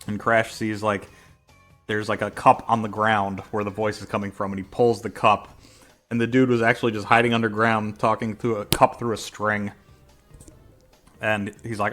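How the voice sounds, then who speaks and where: A man's voice: on the low side, flat delivery, normal speed, fairly bright tone, faint music behind. A man casually retelling a fan comic chapter by chapter, rambling with fillers and self-corrections. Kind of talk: casual storytelling.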